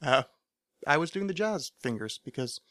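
This podcast host rambles through a casual monologue of his own, cutting himself off, drifting into digressions and teasing his own ideas. His fairly high voice swings widely in pitch at a moderate pace, sounding a bit bright in a dry, clean studio recording.

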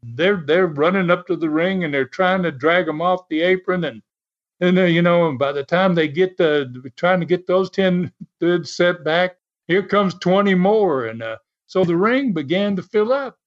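A man's voice: high voice, normal speed. A man as an interview guest, telling a story in a casual, chatty way and laughing often. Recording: dull lo-fi sound.

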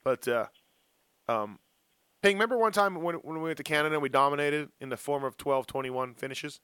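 A man hosts a loose, casual chat, telling stories with animation and teasing his co-hosts. His voice sits a little high and sounds bright and forward. The sound is dry and close, with no room around it. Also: a little fast, smooth, dry recording. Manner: animated storyteller who teases his co-hosts. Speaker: podcast host.

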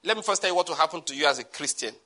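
A man with a Nigerian accent delivers a church sermon. His voice is bright and sits a little high. He moves between stern warnings and joking asides, laughing at his own lines. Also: lively intonation, racing. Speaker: pastor.

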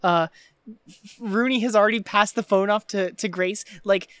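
A woman co-hosting a casual podcast, retelling film scenes in an animated way with lots of "like" fillers. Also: mid-range voice, normal speed, smooth, no room sound. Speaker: podcast co-host.

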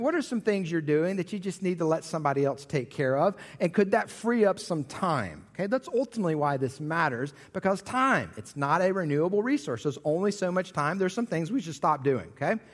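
A man in his thirties preaching a sermon as pastor, with animated storytelling and jokey asides. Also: fairly high pitch, fairly quick, hardly any pauses, long reverb tail.

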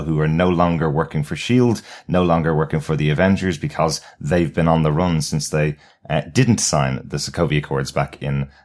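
Podcast co-host, man with an extremely deep voice, steady and explanatory. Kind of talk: casual film review chat.

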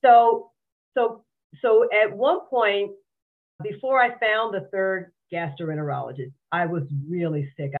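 A woman guest on a podcast, frankly and earnestly telling her own story, often repeating words as she goes. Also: lowish voice. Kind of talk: candid personal interview. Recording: tinny phone-like remote line.

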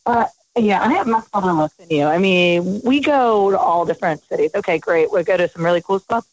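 A woman guest in casual chat, chatty and quick to react. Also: lowish voice, animated. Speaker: guest from the hospitality industry. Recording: dull, lo-fi sound.

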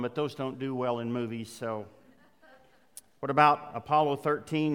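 A man's voice: mid-range voice, steady tone, moderate pace, a bit bright, smooth. Male pastor preaching in a reverberant hall. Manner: conversational, with emphatic rising passages. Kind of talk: sermon.

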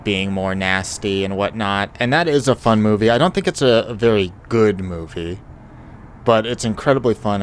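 A man's voice: low-pitched, a little hiss or hum. A man co-hosting a podcast, rambling and joking between fillers as he reviews movies. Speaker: podcast co-host. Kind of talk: casual podcast chat.

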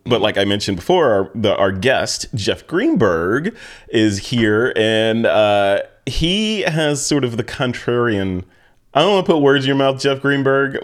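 A man hosting a casual podcast, animated and quick to laugh, often restarting his sentences. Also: on the low side. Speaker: podcast host.

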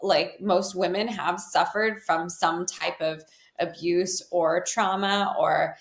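A woman's voice: on the low side, fairly even intonation, slow. Woman, interview guest, heartfelt, frequent "like" fillers, echoey room. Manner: earnest, heartfelt, many "like" fillers. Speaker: guest, healer. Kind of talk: candid interview conversation. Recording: roomy echo.

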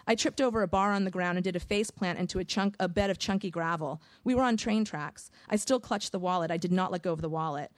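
A woman reading a first-person audiobook in a measured, vivid storytelling manner. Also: on the low side, dry recording. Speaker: audiobook narrator.

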